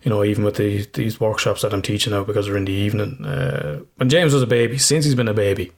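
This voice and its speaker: Guy on a podcast, lowish voice, rambles on and swears a lot, just chatting. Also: steady tone, fast, gravelly. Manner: candid, rambling, swears freely. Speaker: podcast host. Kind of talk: casual chat.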